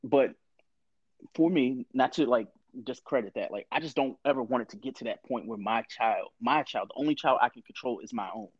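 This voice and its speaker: A man's voice: mid-range voice, a little fast, slightly rough, no room sound, muffled recording. A man in his thirties with a candid, profane storytelling manner, talking in a casual conversation.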